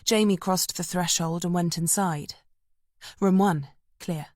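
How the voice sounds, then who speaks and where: A woman audiobook narrator reading a thriller in a measured, tense storytelling manner. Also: lowish voice, steady tone, darkish tone, dry recording, clean studio sound. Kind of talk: scripted narration.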